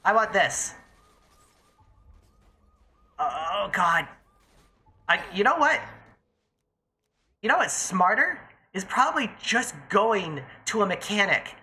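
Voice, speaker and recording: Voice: medium pitch, very animated, slow, long pauses, sharp tone. A young adult streamer giving casual, profane commentary while playing a game live and chatting to viewers. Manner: chatty, profane, talks to self and chat.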